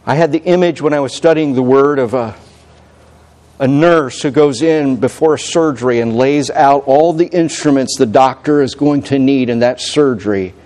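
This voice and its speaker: Conversational male pastor preaching. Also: moderate pace. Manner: conversational preaching with repeated restarts and self-corrections; climbs loud and high when quoting God's voice. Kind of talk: sermon.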